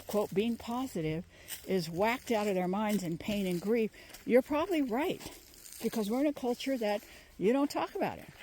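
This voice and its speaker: A woman healer giving emphatic, animated spoken advice while walking outdoors with her dog. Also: medium pitch, a little hiss or hum. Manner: emphatic, animated, mimics others in quoted voices. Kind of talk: casual spoken advice monologue.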